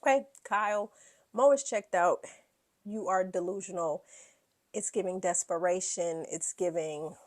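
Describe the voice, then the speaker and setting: A woman's voice: lowish voice, unhurried. Blunt, sassy woman doing a TV recap. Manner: acts out quoted lines in put-on voices. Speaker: podcast host. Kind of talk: reality TV recap commentary.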